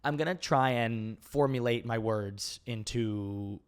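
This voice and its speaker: A man's voice: mid-range voice, takes it slowly, clean tone. A man in his twenties hosting a casual podcast Q&A, rambling openly with many fillers and restarts. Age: 20s. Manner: open and emotional, laughs easily. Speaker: podcast host. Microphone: podcast mic.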